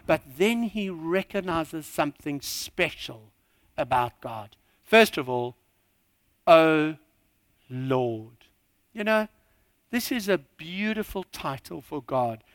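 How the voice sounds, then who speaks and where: A man preaching a sermon, emphatic and animated, with joking asides. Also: on the high side, no room sound, clean studio sound.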